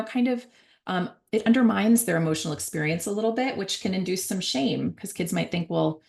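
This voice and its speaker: Low-voiced woman with a gravelly edge. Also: darkish tone. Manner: conversational, frequent fillers and self-corrections; acts out parent and child voices at a higher pitch. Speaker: author and guest speaker. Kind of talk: talk on parenting.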